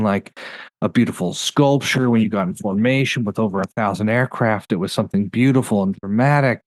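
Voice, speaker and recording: A man hosting a podcast, chatting casually in a review and rattling off facts in quick bursts. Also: fairly low pitch, a little mellow, no echo, studio quality. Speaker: podcast host.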